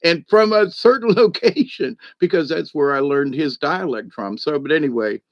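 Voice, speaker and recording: A man's voice: a little high, normal speed, no room sound, lo-fi sound. Chatty man telling stories. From South Georgia, US. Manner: rambling and chatty, full of "you know" and "but anyway". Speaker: live-stream host. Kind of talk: casual storytelling to a live chat.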